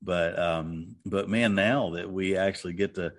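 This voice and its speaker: A man's voice: low voice, a little slow. A man co-hosting a podcast in easygoing, rambling casual chat, often laughing. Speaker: podcast co-host.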